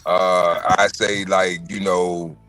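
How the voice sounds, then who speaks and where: A man's voice: low voice, flat delivery, slow pace, a bit bright, soft background music. A man joining a casual livestream chat as a guest, laid-back and agreeable, explaining his points at length. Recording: robotic, glitchy remote audio.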